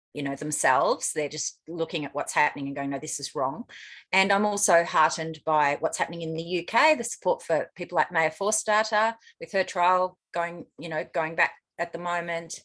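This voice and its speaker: A woman's voice: on the low side, fairly bright tone. Chatty Australian woman co-host. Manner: chatty, self-mocking asides. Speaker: podcast co-host. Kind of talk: casual chat.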